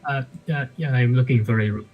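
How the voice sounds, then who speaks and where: A man takes his turn in a tabletop game, hesitant and hedging with uhs and ums. His voice sits at a middle pitch. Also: a little fast, muffled recording, soft background music. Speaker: player. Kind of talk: casual chat.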